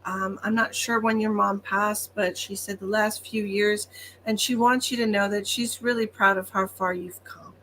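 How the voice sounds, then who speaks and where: A woman's voice: mid-range voice, level tone, normal speed, fairly bright tone, slight background noise. A woman working as a psychic medium, giving chatty, reassuring readings on a livestream with frequent ums.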